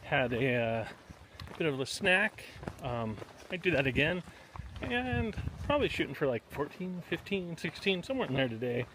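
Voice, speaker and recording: A man hiking outdoors on a forest trail, chatting casually to the camera as he walks, pausing often. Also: a little high, very animated, a bit bright, a little hiss or hum. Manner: chatty, unhurried, pauses often. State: panting on uphill. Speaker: hiker vlogger.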